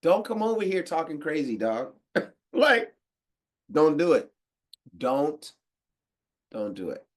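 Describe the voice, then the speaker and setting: A man's voice: fairly high pitch, measured pace, long pauses. Slangy laid-back American man. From United States. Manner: slangy, animated, laughs often. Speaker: podcast host. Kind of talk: casual monologue.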